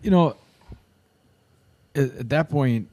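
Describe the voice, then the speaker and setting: A man's voice: fairly high pitch, takes it slowly, warm tone. A man in a casual podcast chat, thinking aloud and checking in with "right?".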